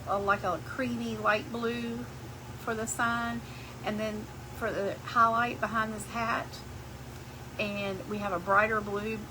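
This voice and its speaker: A middle-aged woman, chatting casually with her live-stream viewers as she shows her crafts. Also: a little high. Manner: chatty, talks to viewers as y'all. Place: home craft workshop. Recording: clear background hum.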